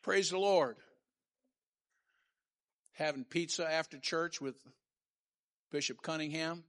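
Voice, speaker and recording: A male pastor preaching a sermon in church, dropping to quiet talk and rising to shouted call-and-response. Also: on the high side, slow pace.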